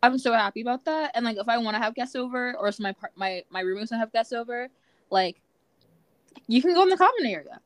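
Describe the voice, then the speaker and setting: A woman's voice: fairly high pitch, animated, fast talker, no room sound. Chatty young woman, dry close sound. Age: young adult. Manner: chatty, many "like" fillers. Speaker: podcast co-host. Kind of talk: casual chat.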